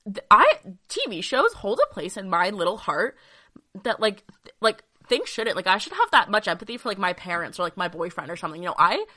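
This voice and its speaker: A woman's voice: mid-range voice, very animated, fairly quick, pushed and bright. A young woman hosting her own podcast, chatting casually and gushing, with lots of fillers. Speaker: podcast host. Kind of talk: casual solo podcast chat.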